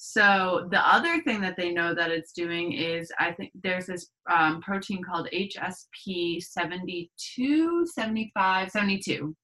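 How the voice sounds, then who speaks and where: A woman talks as a podcast guest, laying out explanations with many fillers and self-corrections. Her voice is a little low but bright and forward. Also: unhurried, few pauses, poor audio. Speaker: podcast guest, herbal medicine practitioner. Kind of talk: casual explanatory chat.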